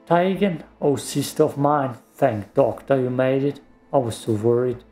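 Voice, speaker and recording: A man's voice: mid-range voice, unhurried, warm tone, faint music behind, close to an everyday voice. A man voicing a fond, anxious young brother in a raised, fretful voice. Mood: worried.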